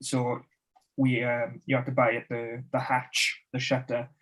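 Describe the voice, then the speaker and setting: A man tells his anecdotes in easy conversation, chuckling as he goes and putting on voices for the people in his stories. His voice sits in an ordinary middle pitch for a man. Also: completely flat delivery, measured pace, fairly bright tone, poor audio. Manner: laughing anecdote telling with acted quotes. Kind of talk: casual chat.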